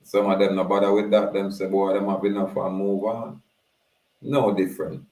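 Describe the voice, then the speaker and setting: A Jamaican man talks through his commentary in a low, even voice that barely rises or falls. He keeps a steady, low-key patois delivery and checks in with his listeners as he goes. The room around him rings with echo. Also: fairly quick. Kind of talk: casual spoken commentary.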